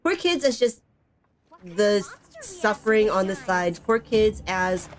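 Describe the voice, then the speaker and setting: A woman's voice: medium pitch, sing-song, takes it slowly, faint music behind. A young woman streaming a video game, chatting casually and giggling, with lots of "like" and "bro" in her talk. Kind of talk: casual gaming stream chat.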